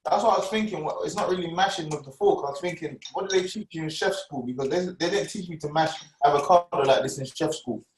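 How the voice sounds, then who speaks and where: A man teases and quizzes the chef as he cooks along. His voice is slightly high. It sounds roomy and a little far from the mic, with faint noise behind it. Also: fast talker, hardly any pauses. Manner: joking, questioning, chatty. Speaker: celebrity guest cook. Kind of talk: casual banter while cooking. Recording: echoey room, distant mic.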